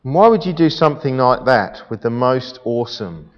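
A man's voice: mid-range voice, sing-song, normal speed. A male preacher delivering a sermon in a playful way, quizzing the congregation, recorded in an echoey church hall with a dull sound.

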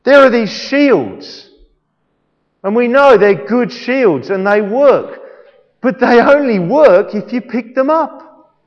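A man's voice: extremely high pitch, lively intonation, slow. A male preacher delivering a sermon in a playful way, quizzing the congregation, recorded in an echoey church hall with a dull sound.

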